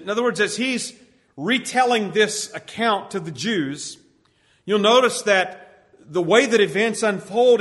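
A male pastor preaching a sermon with emphatic, drawn-out stresses, dropping his voice low when he quotes scripture, recorded in a church sanctuary. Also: a bit bright. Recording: church hall with long reverb.

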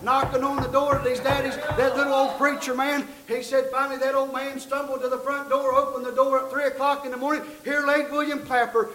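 A male preacher tells a story from the pulpit in a folksy way, doubling back on his words. His voice sits very high, and it echoes around a church room. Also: level tone, a little fast, few pauses, pushed and bright, slight background noise. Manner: folksy, repeats and restarts phrases. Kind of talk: storytelling sermon.

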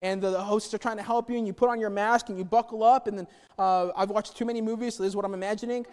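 A man's voice: sits high, steady tone, fast, a little mellow, smooth. A man preaching a sermon in a conversational, chatty way with humorous asides. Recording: long reverb of a hall.

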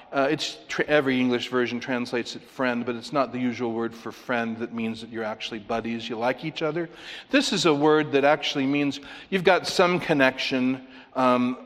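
A male preacher walks his listeners through a Bible passage verse by verse in an ordinary mid-range voice. He stays animated, acting out the characters with quick asides and chuckles. His voice rings with long reverb from a church hall. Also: medium pitch. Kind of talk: expository Bible teaching.

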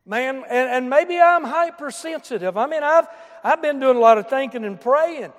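A preacher with a strikingly high voice delivers an emphatic sermon. He drops to quiet asides, then rises to shouted emphasis. His voice rings out with the long reverb of a church hall. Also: animated, moderate pace. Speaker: pastor. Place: church sanctuary.

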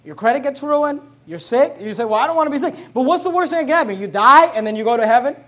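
A man preaching a sermon in an emphatic, conversational way, getting louder when he quotes scripture. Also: very high voice, animated, fast.

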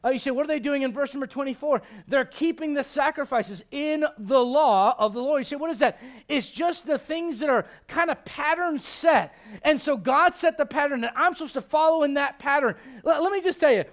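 A middle-aged man preaching in a church, his voice sitting very high. He jokes and swings between loud emphatic lines and hushed asides. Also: fairly quick. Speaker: pastor. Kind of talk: sermon.

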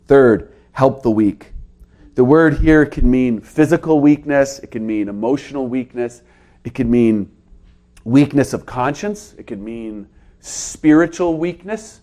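A man preaching a sermon to his congregation, earnest, with his pitch rising and dropping for emphasis. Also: mellow. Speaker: pastor.

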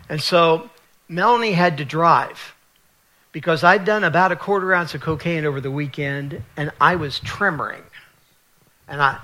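A man's voice: a little high, bright, forceful tone. A man from West Virginia telling his personal faith testimony in an earnest, confessional storytelling manner. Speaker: speaker sharing his testimony.

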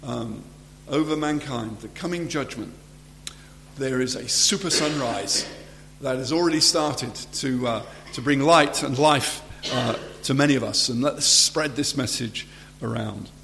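A man's voice: mid-range voice, unhurried, gravelly, pushed and bright. A man preaching a sermon in a church and closing with a prayer, earnest and conversational, often restarting his phrases. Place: church hall. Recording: echoey hall with faint hum.

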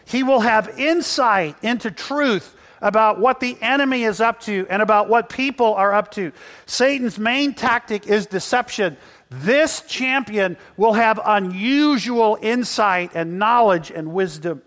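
Animated high-voiced male preacher. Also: unhurried, big-room sound. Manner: animated storytelling, acting out biblical characters, swings between loud and hushed. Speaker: pastor. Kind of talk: sermon. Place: church building before a congregation.

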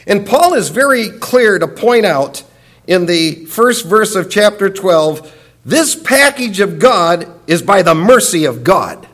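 Pastor, man, higher-pitched voice, earnest and emphatic sermon delivery. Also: lively intonation, slow, a bit bright. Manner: earnest, emphatic teaching with repeated phrases.

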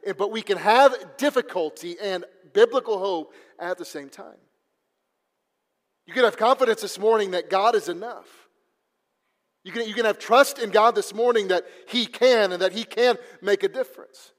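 Pastor, male, high pitched, storytelling sermon delivery with restarts; church hall reverb. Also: normal speed. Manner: storytelling preacher with repeated restarts. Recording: long reverb of a large hall.

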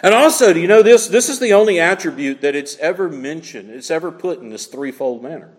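Male pastor, high voice, emphatic sermon delivery, big reverberant church hall. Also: lively intonation, a little fast. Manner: emphatic, swings between loud declaiming and quiet asides.

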